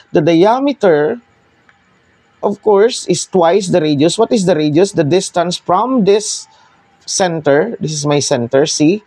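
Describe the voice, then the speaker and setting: Filipino man teaching math, mellow tone. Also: on the high side, dry recording. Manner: code-switching, explaining step by step with pauses. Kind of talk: whiteboard math lesson.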